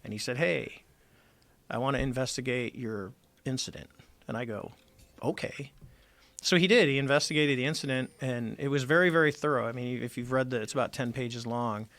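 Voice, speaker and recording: A middle-aged man with a gravelly edge tells a story as a podcast guest, acting out each quoted line. His voice sits at an ordinary pitch. The studio sound is close and dry. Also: fairly quick, fairly bright tone, no echo. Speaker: podcast guest, former Navy squadron commander. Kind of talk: casual storytelling interview.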